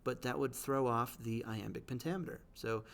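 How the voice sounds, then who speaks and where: A man teaching, explaining the language of poems in a patient way. He checks in often with "right?" and reads the quoted lines slowly. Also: medium pitch, fairly even intonation, gravelly, a bit bright.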